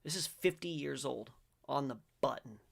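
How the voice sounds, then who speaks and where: Gravelly man ranting in a commentary. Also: medium pitch, normal speed. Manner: rambling, self-correcting, emphatic with sudden loud bursts. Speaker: host of a faith-based commentary show. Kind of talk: casual commentary, reading aloud and reacting.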